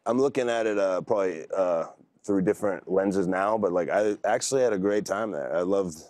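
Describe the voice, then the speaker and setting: A man's voice: deep voice, fairly quick, a little mellow, no room sound. A man in his thirties telling stories in a laid-back, rambling way as an interview guest. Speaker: wrestler guest. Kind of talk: casual interview talk.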